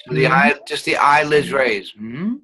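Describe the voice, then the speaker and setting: A man's voice: fairly high pitch, measured pace, sharp tone, low-quality recording. A man teaching an online acting class, guiding students patiently and showing each sound with hums.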